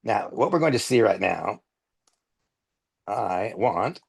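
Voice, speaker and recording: An older man with a gravelly, somewhat husky voice, speaking low. He runs a training demo into a headset microphone. He is earnest and emphatic and circles back to drive his points home. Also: sing-song, a little fast.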